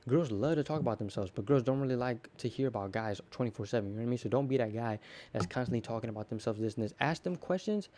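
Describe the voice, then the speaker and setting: Teen dude doing his own podcast, talks fast, kinda mellow low-key voice, lots of like and repeated words. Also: animated, slight background noise. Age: teens. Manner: rambling, repeats words and fillers, acts out dialogue. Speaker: podcast host. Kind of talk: casual solo podcast monologue.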